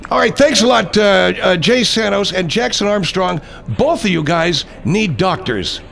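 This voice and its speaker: A male radio host running a comedy bit with dry, mock-serious needling. His voice sits a touch higher than usual for a man, steady and plain. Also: measured pace, gravelly.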